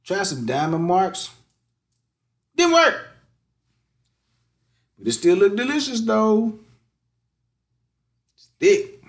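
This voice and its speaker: A man's voice: high voice, sing-song, slow, pauses often. A man chatting casually while cooking and eating on his vlog, full of slang. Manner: laid-back slangy chatter, sing-song hype chants. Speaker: mukbang vlogger.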